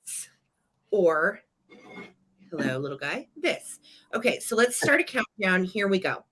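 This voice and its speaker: A woman hosting a live vintage sale stream, chatting enthusiastically as she pitches each item. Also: very animated, a little slow, sharp tone. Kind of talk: live-stream sales chat.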